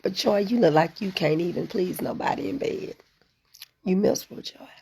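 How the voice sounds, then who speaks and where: Gravelly, husky-voiced woman live streamer. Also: lowish voice, lively intonation, moderate pace, warm tone. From United States. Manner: chatty, talks straight to viewers and commenters. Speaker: livestream host reading viewer comments. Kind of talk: casual live-stream chat.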